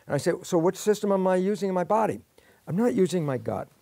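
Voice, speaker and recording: A man in an interview explains biology in a lively way, acting out both sides of the questions and answers himself. His voice sits a little high for a man. The sound is dry and close, with no room echo. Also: fast, vocal fry. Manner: lively, acts out both sides of imagined dialogues. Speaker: guest scientist.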